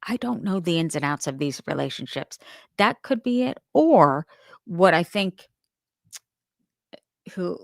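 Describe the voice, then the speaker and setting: A woman with a low, gravelly voice hosts a crime talk show. She chats candidly and works through her opinions as she goes, in a close, dry sound. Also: lively intonation, a little slow, pauses often, no echo. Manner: chatty, candid, thinking aloud. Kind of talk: casual opinion commentary.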